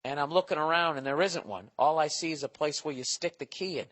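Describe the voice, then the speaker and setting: Profane, animated man telling a story. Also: fairly high pitch, fairly quick. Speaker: podcast host. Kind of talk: casual comedic monologue.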